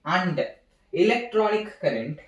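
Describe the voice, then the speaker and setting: A young man gives an informal physics seminar, halting and repeating phrases as he writes. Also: high-pitched, sing-song, recorded from a distance. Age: young adult. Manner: halting, repeats phrases while writing on a board. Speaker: student giving a physics seminar. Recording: echoey room, voice from off-mic.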